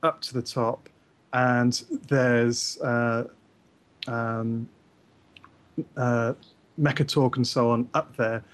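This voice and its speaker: A man talking casually about games with a mid-pitched voice. He explains things with real enthusiasm but halts often, filling the gaps with ums and uhs. His tone is that of an easygoing co-host. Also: little pitch movement, takes it slowly, long pauses. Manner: enthusiastic, hesitant explainer with many fillers. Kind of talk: casual gaming chat.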